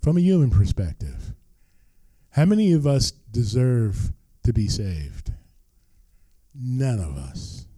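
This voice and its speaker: An older man delivers a sermon as pastor, with slow, deliberate phrasing and frequent repetition for emphasis. His voice is very dark and mellow, at a middling pitch. The sound is close and dry. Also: very animated, breathy edge, no echo. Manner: earnest, emphatic preaching with repeated phrases.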